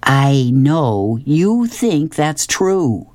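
A woman voicing a patient, exasperated father explaining things slowly to his son. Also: sits low, big pitch swings, darkish tone, no room sound, pitched above the performer's own voice, heavily acted.

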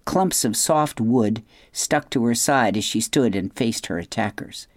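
A woman hosting a radio program, reading a children's novel aloud in an expressive, measured storytelling manner with hushed dramatic asides. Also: extremely low pitch, dry recording, studio quality. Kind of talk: scripted storybook narration.

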